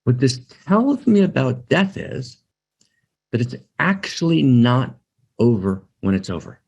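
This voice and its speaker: A man's voice: mid-range voice, very animated, measured pace, creaky, a little mellow, slightly rough, lo-fi sound. A man giving an emphatic spiritual teaching talk, repeating his phrases and often checking in with "right?".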